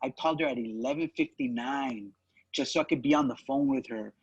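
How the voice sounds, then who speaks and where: A man's voice: medium pitch, brisk, gravelly, husky, no echo, lo-fi sound. A man co-hosting a podcast, telling a rambling story in casual chat, with lots of "you know" and "right?". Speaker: podcast co-host.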